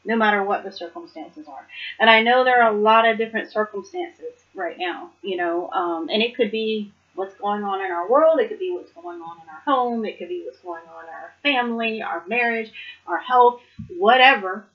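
A woman's voice: medium pitch, moderate pace. A woman speaks in an earnest, reflective way, giving a casual devotional talk in a mid-range voice. The recording sounds a little dull and lo-fi. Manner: earnest, reflective, laughs between points. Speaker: Bible study speaker.

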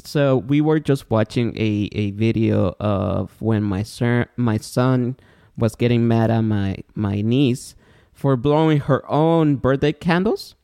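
A man co-hosting a podcast in casual chat, an animated storyteller who acts out the voices of people in his stories. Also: mid-range voice, slow pace, creaky, clear, resonant tone. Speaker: podcast co-host.

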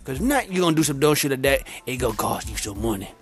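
A man's voice: medium pitch, sing-song, quick pace, faint music behind. Profane rambling man telling a story. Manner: profane, rambling, streetwise slang. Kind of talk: comic storytelling monologue.

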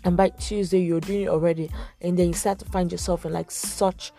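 Young woman, mellow low voice, casual faith chat, soft music behind. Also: steady tone, a little fast, gravelly. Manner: earnest, conversational, lots of "like" fillers. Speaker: Christian vlogger giving advice. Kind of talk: casual faith talk to camera.

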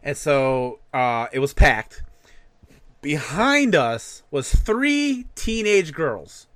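Male co-host, fairly high voice, dry close sound, animated casual rant full of swearing. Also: extremely slow, no echo. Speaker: podcast co-host.

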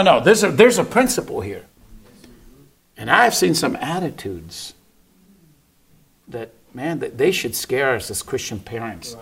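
A middle-aged man preaches a sermon, telling a family story and acting out the voices of his family members. His medium-pitched voice is creaky with a breathy edge.

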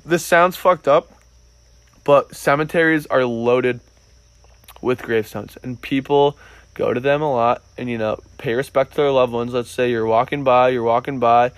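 A man's voice: medium pitch, steady tone, normal speed, no room sound. A young man co-hosting a comedy podcast, rambling through crude, absurd bits with lots of swearing and filler. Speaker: podcast co-host.

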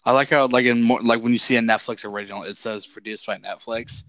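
A young adult man co-hosting a podcast, chatting excitedly about a show he loves, swearing freely and leaning on slang. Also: medium pitch, quick pace, no echo. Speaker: podcast co-host. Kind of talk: casual show review chat.

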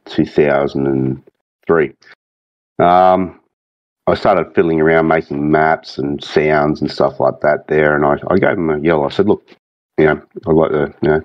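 An Australian man on a podcast as a guest, talking in a laid-back, halting way. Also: a bass voice, dull audio. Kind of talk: casual podcast chat.

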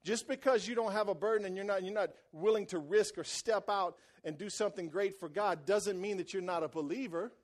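A man preaching a sermon as pastor in a church, repeating phrases for emphasis and swinging between quiet, intense passages and loud, excited ones. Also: high voice, brisk, few pauses.

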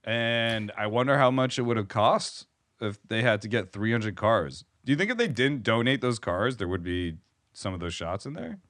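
A man's voice: on the low side, animated, normal speed, fairly bright tone, no room sound. A young man co-hosting a casual podcast, teasing his partner and swearing freely. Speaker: podcast co-host. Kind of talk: casual chat.

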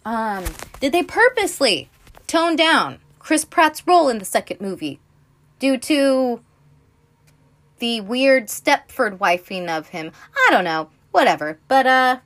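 A woman's voice: a little high, measured pace. A woman hosting a podcast who recaps films in a casual, rambling way, swearing freely and getting carried away as she tells the story. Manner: profane, animated storytelling; rambling, self-interrupting. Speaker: podcast host.

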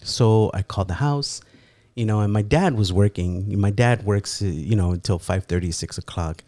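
A man from California telling a story in a casual, profane way, laughing often and slipping into lively impressions. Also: on the low side, normal speed, dry recording. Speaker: guest storyteller.

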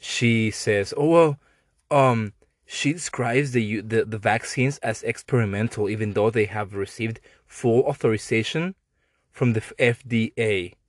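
A man's voice: on the low side, measured pace, dry recording, clean studio sound. A man with a Mexican accent hosting a podcast, ranting in a sarcastic, profane, slangy way. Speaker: podcast host. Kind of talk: casual podcast rant.

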